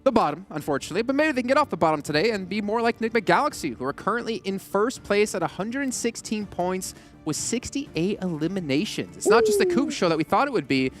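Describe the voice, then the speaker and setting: A man hosting an esports broadcast desk, with an energetic, upbeat hype delivery. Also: sits high, fast talker, soft background music.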